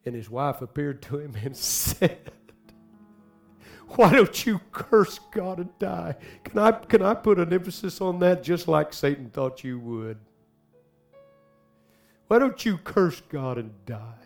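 A man preaching a sermon, swinging dramatically from hushed, slow phrases to loud bursts. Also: a little high, very animated. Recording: faint music behind.

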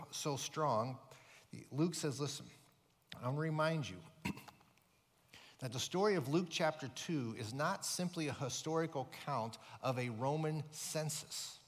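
A male pastor preaching a sermon with emphatic delivery, rising and falling in force. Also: medium pitch. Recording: long hall reverb.

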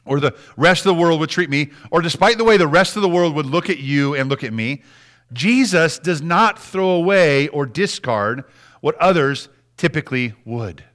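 Pastor, male, middle-aged, higher-pitched voice, lively preaching with hushed drops. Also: normal speed. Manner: animated preaching, dropping to soft near-whispers for emphasis. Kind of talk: sermon.

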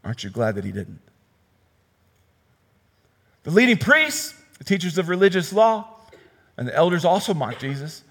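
A man delivers a sermon in a casual, conversational way. His voice sits a little on the high side. He swings between sudden loud outbursts and hushed, low scripture reading. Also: sing-song, moderate pace, long pauses, in a large hall. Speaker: pastor.

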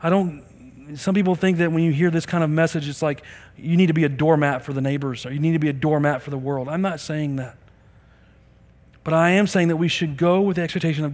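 A man's voice: on the high side, steady tone, fast, a little mellow, in a large hall. A middle-aged man preaching a sermon as a pastor, earnest and conversational, acting out bits of dialogue.

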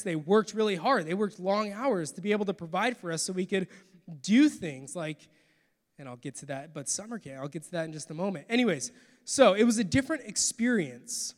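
A man in his thirties preaches with a high, bright voice and tells his story in a lively, animated way. His words ring out with a long reverb, like in a church hall. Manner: storytelling, animated with acted quotes. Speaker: pastor. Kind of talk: sermon testimony.

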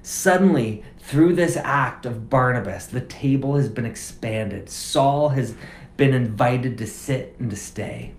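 Speaking slowly in a medium pitch, this man delivers a sermon as a pastor. He keeps it conversational and relaxed, using emphatic repetition to drive his points. There's a roomy echo on the recording.

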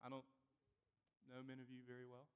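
A middle-aged man preaching a sermon as a pastor, swinging between loud emphatic lines and quiet, intimate questions to the congregation. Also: mid-range voice, monotone, a little fast, smooth, long reverb tail, muffled recording.

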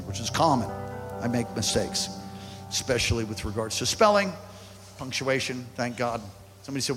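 A male pastor preaching a sermon, calling out to the congregation and swinging from quiet to loud. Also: mid-range voice, sing-song, moderate pace, long pauses. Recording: hall reverb with faint music.

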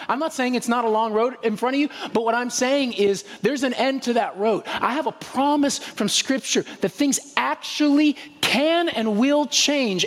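Male pastor, casual but emphatic sermon voice, a little husky, long church reverb. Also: high voice. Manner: conversational, emphatic, rhetorical questions.

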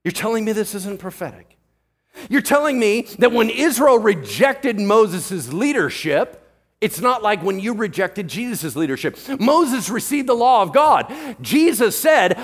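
A male pastor preaches like an animated storyteller, full of casual slang and frequent "right?" check-ins. His voice sits high for a man and has a husky edge. His pitch swings widely as he builds each point. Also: measured pace. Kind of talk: sermon.

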